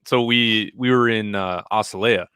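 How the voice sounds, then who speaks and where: A man with a lowish voice hosts a casual podcast chat, cracking jokes and swearing now and then. The sound is dry and close to the mic. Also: steady tone, moderate pace, pushed and bright, clean tone, no echo. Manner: casual, joking reactions, swears. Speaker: podcast host.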